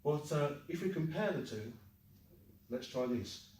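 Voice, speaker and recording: A man's voice: on the high side, lively intonation, unhurried, darkish tone. Man teaching a class, roomy and distant. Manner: upbeat, jokey, leads the class in chants and repetition. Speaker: Chinese teacher. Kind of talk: classroom lesson with call-and-repeat drills.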